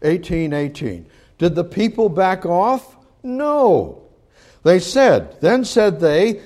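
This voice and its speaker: A man preaching a sermon on scripture, emphatic and repetitive, swinging from loud pleas to quiet asides. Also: sits high, very animated, slow.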